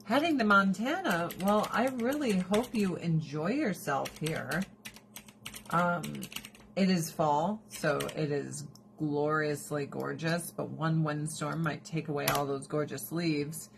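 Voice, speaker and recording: A woman hosting a casual livestream, talking in a lowish voice with blunt, profane candor and frequent laughter. A faint hiss of noise sits under her speech. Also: slow pace, creaky. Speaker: livestream host.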